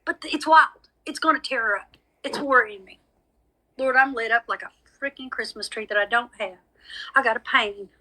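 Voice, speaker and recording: A woman's voice: on the high side, moderate pace, pushed and bright, low-quality recording. A woman with a lot of drama, chatting casually with viewers on a live stream and calling them y'all. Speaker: medium hosting a live stream.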